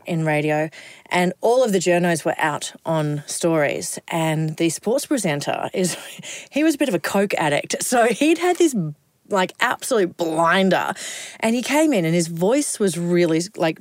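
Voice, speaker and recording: A middle-aged Australian woman, a broadcaster, telling lively anecdotes in a casual interview, often laughing between lines. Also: on the low side, dry recording, clean studio sound.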